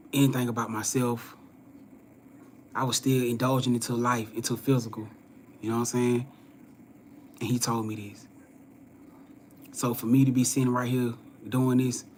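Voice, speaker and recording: A young man, hosting a live spiritual reading stream and telling a personal story in a casual way. He acts out other people's lines, swinging from loud and animated to low and hushed. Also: slight background noise. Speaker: spiritual reader and host.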